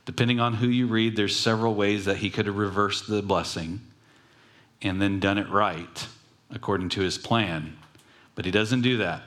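A man delivers a sermon like a relaxed retelling, dropping jokey asides. His voice sits a little low. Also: moderate pace. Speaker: preacher. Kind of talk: casual sermon storytelling.

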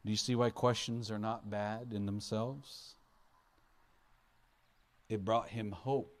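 Earnest lower-voiced male preacher. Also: little pitch movement, slow pace. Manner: earnest preaching, voice rising and dropping for emphasis, acts out quotes. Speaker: pastor. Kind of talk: sermon.

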